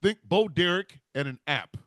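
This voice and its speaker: A commanding devil, as a man puts him on, gives orders in a lower, solemn voice that breaks into shouts. The tone is sharp and the recording dry. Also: lively intonation, moderate pace, no echo. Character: booming devil, father of the Antichrist.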